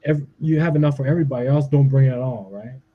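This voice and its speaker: A man's voice: medium pitch, fast, phone-quality sound. A man in his forties from Canada, delivering a profane, agitated rant and ending his points with "all right?". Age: 40s. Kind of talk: ranting monologue.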